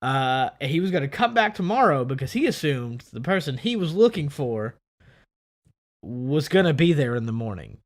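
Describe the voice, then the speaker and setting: A man co-hosting a podcast, telling a story in casual chat and acting out the people in it. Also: moderate pace. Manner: animated, acts out quoted people with big pitch jumps. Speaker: podcast co-host.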